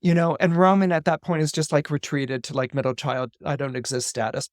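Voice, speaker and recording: A man's voice: fairly high pitch, a little fast, dry recording, clean studio sound. A man, an astrologer guest on a podcast, retelling a story with animation, often repeating words and acting out the dialogue.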